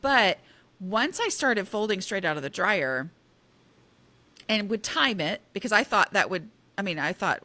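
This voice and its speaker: A woman being interviewed about decluttering, talking in an animated, self-deprecating way and stressing key points emphatically. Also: medium pitch, measured pace. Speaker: guest author on decluttering. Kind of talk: casual interview chat.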